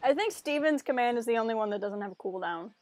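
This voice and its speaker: A woman's voice: on the high side, lively intonation, quick pace, darkish tone. A woman live-streaming a game, chatting casually and self-mockingly with her viewers and laughing often.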